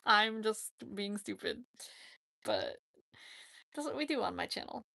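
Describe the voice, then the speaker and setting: A woman's voice: mid-range voice, very animated, measured pace, gravelly, pushed and bright, dry recording. A woman hosting her own channel in a casual livestream chat, chatty and giggly, teasing herself as she talks. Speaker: YouTube channel host.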